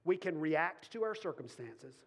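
A man's voice: a little high, lively intonation, normal speed. A man preaching a sermon to a congregation, emphatic, repeating key lines and putting questions to the room. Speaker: pastor. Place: church before a congregation.

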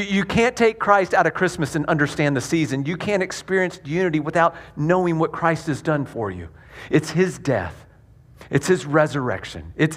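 A man's voice: fairly high pitch, a bit bright, breathy edge. A man preaching a sermon in a conversational way, often repeating his words as he goes. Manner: conversational, repeats words, acts out quick quoted voices. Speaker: pastor.

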